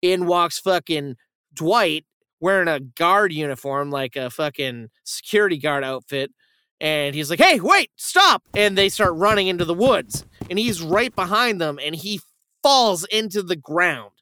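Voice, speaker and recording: A young man hosting a film-review podcast rambles and swears while retelling a plot in casual chat, acting out the quotes with animation. His voice is on the high side, smooth and measured, in a clean studio recording with no room sound.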